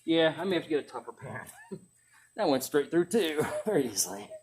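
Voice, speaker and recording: A man's voice: on the high side, moderate pace, very noisy. Man chuckling through a casual weapon demo. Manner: relaxed, chuckling, thinking aloud. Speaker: video host demonstrating weapons. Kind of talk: casual demonstration commentary. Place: outdoors or in a workshop during a test-cutting session.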